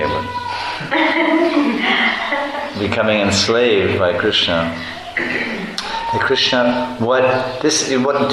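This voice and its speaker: A man giving a devotional lecture as a spiritual teacher, animated and playful, often laughing and acting out voices. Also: fairly low pitch. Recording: echoey room with background noise.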